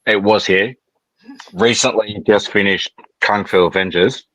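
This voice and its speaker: A man from Australia, a guest on a video call, talking in an easygoing way with many pauses. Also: lowish voice, steady tone, a bit bright, no echo, rough recording. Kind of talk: casual chat.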